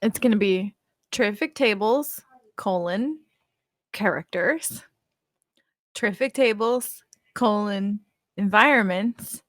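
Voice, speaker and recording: A woman's voice: medium pitch, slow, long pauses, a bit bright, no room sound, studio quality. Playful woman on a live stream. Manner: playful, laughs often. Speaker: co-host and content creator. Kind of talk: casual stream chat.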